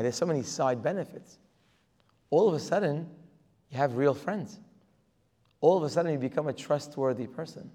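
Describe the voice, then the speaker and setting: A man's voice: fairly high pitch, mellow. A man giving a religious lecture as a Torah teacher, emphatic and full of rhetorical questions. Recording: long reverb of a hall.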